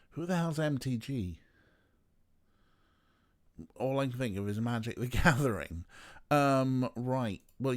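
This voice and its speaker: A young man chatting casually while streaming a game, rambling with playful asides. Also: medium pitch. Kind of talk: casual let's play chat.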